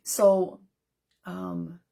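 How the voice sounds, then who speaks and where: A woman's voice: lowish voice, level tone, extremely slow, gravelly, mellow. A woman who works as a nutrition coach, chatting earnestly and straight to viewers on a live stream and answering their comments. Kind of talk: casual live-stream chat.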